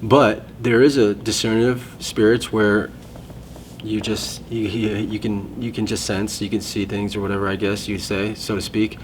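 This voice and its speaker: A man's voice: lowish voice, little pitch movement, normal speed, a little hiss or hum. A man in casual conversation, sharing a personal testimony in a rambling, self-interrupting way.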